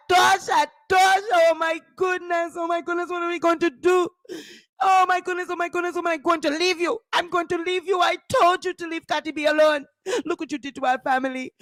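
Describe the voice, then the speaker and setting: A woman putting on the voice of an adult husband, frantic and shouting, repeating his scolding lines. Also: very high-pitched, no room sound, pitched above the performer's own voice. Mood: panicked. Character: panicking, furious scolding husband, adult man.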